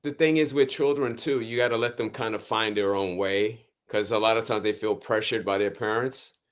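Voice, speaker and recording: Easygoing lower-voiced male guest. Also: fairly even intonation, normal speed. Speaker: musician guest. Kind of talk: casual interview chat.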